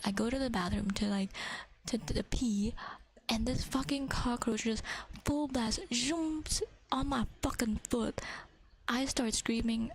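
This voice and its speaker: Breathy whispering woman, casual ASMR chat. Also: on the high side, normal speed, low-quality recording. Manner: casual, swears freely, chatty and giggly. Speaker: ASMR livestream host.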